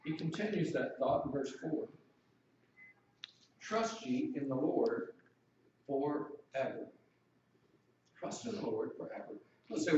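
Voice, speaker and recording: A man's voice: a little high, animated, normal speed, a little mellow, very echoey, distant mic, highs cut off, slight background noise. A man preaching a sermon in a conversational way, asking the congregation questions.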